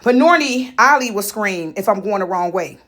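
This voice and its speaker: A woman in a casual, animated monologue, acting out other people as she tells stories. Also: medium pitch, brisk. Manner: animated storytelling, mimics others.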